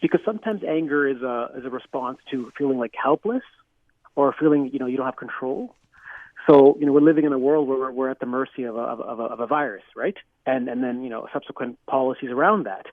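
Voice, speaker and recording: A clinical psychologist answers interview questions in an earnest, explanatory way, often restarting his sentences and saying "you know." His voice is mid-range and his pace quick. The sound is dry and tinny, like a phone line, with no echo.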